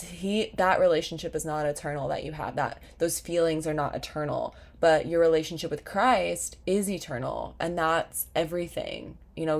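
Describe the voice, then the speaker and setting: A young woman hosting a faith podcast, talking in an earnest, heartfelt and casual way with lots of fillers. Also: low-pitched. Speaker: podcast host. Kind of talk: faith-based podcast talk.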